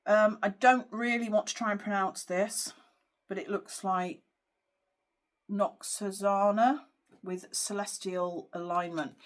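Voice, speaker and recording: Slow, earnest woman psychic reader. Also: on the low side. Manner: earnest, hesitant, with frequent fillers. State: emotional at times. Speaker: psychic medium. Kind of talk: spiritual card reading to camera.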